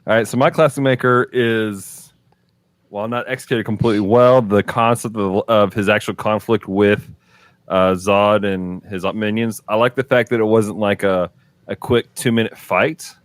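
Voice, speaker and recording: A man co-hosting a movie podcast, explaining his view in measured casual chat. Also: fairly low pitch, steady tone, no room sound. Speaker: podcast co-host.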